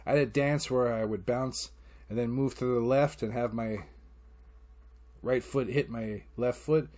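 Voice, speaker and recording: A middle-aged man rambles through stories on his solo podcast, close to the mic. His voice sits at an ordinary middle pitch. He acts out quotes with jumps in tone and swears without a second thought. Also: steady tone, a little slow, darkish tone. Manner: rambling storytelling, acting out quotes, frequent swearing. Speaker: podcast host. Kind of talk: casual solo podcast monologue.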